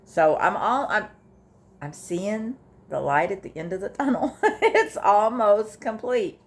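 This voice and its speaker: An older woman, talking casually in a personal vlog, halting with fillers and restarts, emotional and close to tears at times. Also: mid-range voice, lively intonation. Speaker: vlogger sharing her grief journey.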